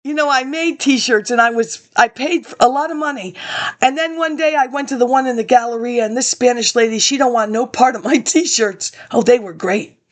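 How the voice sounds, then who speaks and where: A woman's voice: fairly high pitch, normal speed. A woman giving a rambling spoken commentary, drifting into digressive asides and talking back to people who aren't there. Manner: digressive, talks to absent people, frequent laughs and asides; reads from old documents between tangents. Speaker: webinar presenter.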